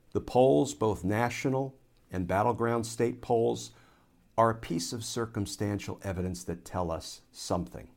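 A man with a somewhat low voice delivers a political commentary monologue. He builds his argument point by point in the measured, explanatory manner of a former courtroom lawyer. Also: darkish tone.

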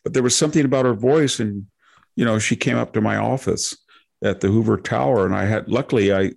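A man with a low, gravelly voice full of fry, speaking as a guest in a relaxed interview. He wanders through long anecdotes and slips into voices to act out what people said. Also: a little fast. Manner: digressive anecdotes with acted-out quotes. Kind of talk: casual interview storytelling.

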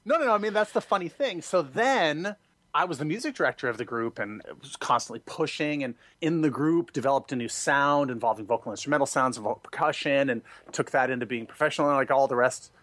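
A man being interviewed, telling stories expressively and acting out quoted voices, with sudden high jumps for emphasis. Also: animated, a little fast, a bit bright, no echo. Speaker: guest, singer and former music director. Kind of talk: animated interview storytelling.

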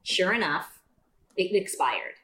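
A woman guest on a podcast telling a story in casual chat, jumping into a higher voice to act out what people said. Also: slow, roomy sound, a crowd in the background. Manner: animated, acts out quoted dialogue in a raised voice.

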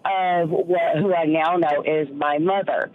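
A woman's voice: deep voice, steady tone, unhurried. Female radio caller, emphatic storyteller, tinny phone audio.

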